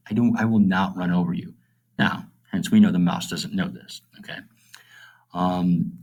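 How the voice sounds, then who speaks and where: A middle-aged male teacher giving a recorded literature lesson, reading verse slowly and then explaining it in plain, casual terms, often checking in with "okay?". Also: low-pitched, steady tone, darkish tone.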